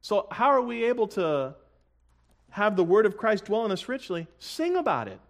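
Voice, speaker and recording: Earnest preaching man, slightly high voice. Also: gravelly. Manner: earnest, conversational preaching with asides and humor; sings hymn lyrics slowly. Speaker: pastor. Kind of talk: sermon.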